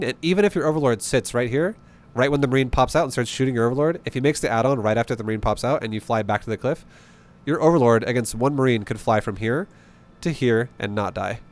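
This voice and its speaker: A man coaching a player through a replay in casual, blunt commentary, cursing freely and hammering his points home by repeating them. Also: mid-range voice. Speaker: StarCraft coach.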